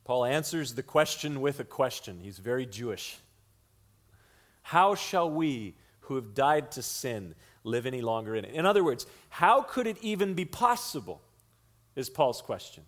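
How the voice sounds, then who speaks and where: A man preaching an expository sermon, earnest, slowing down for emphasis and repeating key lines. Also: medium pitch, animated, fairly bright tone. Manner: earnest teaching, shifts between slow emphasis and quick runs. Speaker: pastor.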